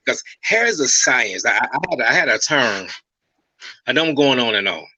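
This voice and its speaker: Husky, bright-voiced male stylist explaining. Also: mid-range voice, animated, moderate pace, no room sound, poor audio. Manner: storytelling, repeats himself, checks in with "okay?" and "right?". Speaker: master stylist guest. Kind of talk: casual interview talk.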